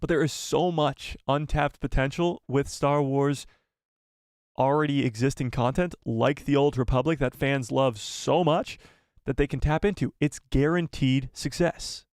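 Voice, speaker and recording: A young man hosting a casual live stream, excitable and joking as he talks straight to his chat. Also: medium pitch, moderate pace, no echo, clean studio sound.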